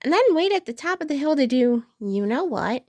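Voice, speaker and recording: Woman doing Bluey, a bouncy high puppy girl. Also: big pitch swings, normal speed, a little mellow, dry recording, studio quality. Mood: excited. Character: young girl puppy, playful and bossy.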